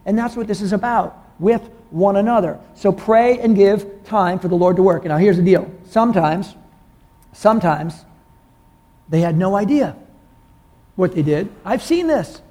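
A man with a notably high voice preaches to his congregation in a loose, conversational style. He asks the room questions, and his pitch climbs even higher when he gets excited. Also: normal speed. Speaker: pastor. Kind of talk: sermon.

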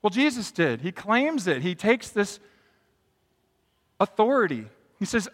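A middle-aged male pastor preaching to a congregation, his voice pitched high and bright with a forceful edge. He keeps swinging his pitch and volume to act out the lines he quotes. The sound rings with the long reverb of a church sanctuary. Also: big pitch swings, measured pace, long pauses. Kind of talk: sermon.

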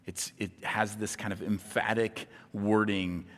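A man preaching a sermon as pastor, impassioned, swinging between hushed tones and near-shouting. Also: lowish voice, flat delivery, a little slow. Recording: long hall reverb.

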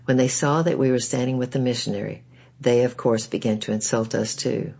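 A man reading devotional stories and scripture in a measured, earnest, preacherly way. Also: medium pitch, fairly even intonation, vocal fry, a little mellow, husky. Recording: dull lo-fi recording.

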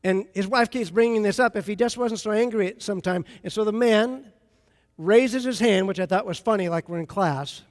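A man preaching a sermon in a high voice, chatty and full of stories as he talks to his congregation. His voice rings through a large church sanctuary with a long reverb. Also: moderate pace. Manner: conversational, storytelling preacher. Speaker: pastor.

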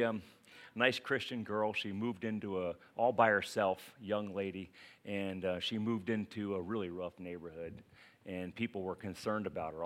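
A male pastor preaching a sermon, swinging between loud urging and quiet asides. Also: low-pitched.

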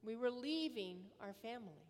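A woman's voice: a little high, lively intonation, moderate pace. A woman priest giving a sermon in an earnest manner, leaning on repetition for emphasis, in a large church. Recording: long church reverb.

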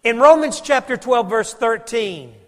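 A preacher delivering a sermon in a fairly high voice, mixing homey anecdotes with scripture. He drops suddenly soft for emphasis, and his words trail off into the long echo of a big sanctuary. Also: animated, measured pace. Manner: folksy storytelling preacher, varies volume for emphasis. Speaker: pastor.

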